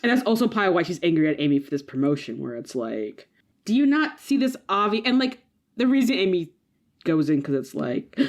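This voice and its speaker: A woman with a low voice chats casually as a podcast co-host. She talks in an animated, enthusiastic way, laughing often and leaning on filler words. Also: brisk. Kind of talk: casual chat.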